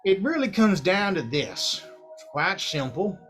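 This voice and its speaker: A man's voice: sits high, sing-song, drawn-out words, fairly bright tone, faint music behind, pitched above the performer's own voice, full character voice. A man voicing a plain, boastful male dragonborn commoner who rambles and cusses in a rural redneck drawl. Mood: folksy ranting.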